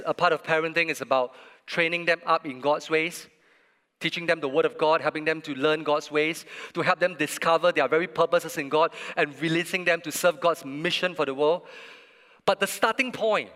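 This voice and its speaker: A man preaches a sermon in an earnest, storytelling manner, his fairly high voice bright and forceful with fairly even intonation. He uses emphatic pauses, and his words ring with the long reverb of a large church hall.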